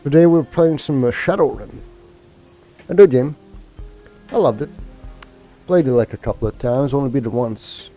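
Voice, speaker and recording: A man's voice: medium pitch, moderate pace, pauses often, mellow, soft background music. A man streaming a video game, chatting casually to his viewers and rambling with fillers and restarts. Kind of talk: casual let's-play commentary.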